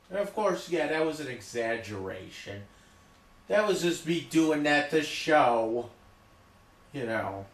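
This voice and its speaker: A man talking loudly in an emphatic, repetitive rant, often checking in with "okay?". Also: on the high side, sing-song, takes it slowly, echoey room. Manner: loud, repetitive, emphatic, keeps saying okay. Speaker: vlogger. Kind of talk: ranting monologue to camera.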